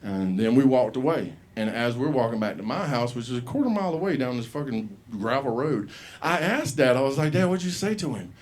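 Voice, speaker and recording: A man's voice: medium pitch, animated, fairly quick, a little mellow, a little hiss or hum. A man telling a profane story as a stand-up comic at an open mic, acting out the people he quotes. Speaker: stand-up comedian. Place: comedy club stage.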